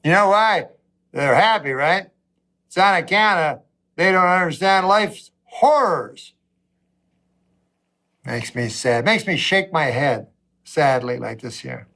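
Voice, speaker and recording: A man delivers a stand-up monologue in a dry, deadpan drawl. He rambles from thought to thought, lets long pauses hang, and slips into little acted-out exchanges before dropping back to his flat tone. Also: fairly high pitch, gravelly. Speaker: comedian.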